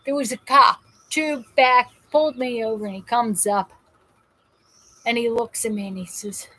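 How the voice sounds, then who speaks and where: A woman's voice: on the high side, fairly even intonation, moderate pace, bright, forceful tone, poor audio. A woman from New Jersey hosting a live stream, chatting casually, reading out viewer comments and rambling through stories with frequent restarts while in pain. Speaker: host of a live call-in show.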